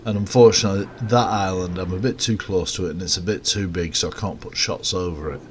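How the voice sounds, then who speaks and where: A man giving casual, rambling commentary over a recorded game, with relaxed, self-mocking asides. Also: deep voice, fast, slight background noise. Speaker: gameplay commentator.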